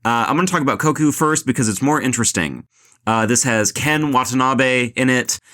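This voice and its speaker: A man's voice: medium pitch, fairly quick, fairly bright tone. A young man hosting a casual film podcast, retelling a movie in a rambling, joking way full of "like" and "uh". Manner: rambling, lots of "like" and "uh", jokey retelling. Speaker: podcast host.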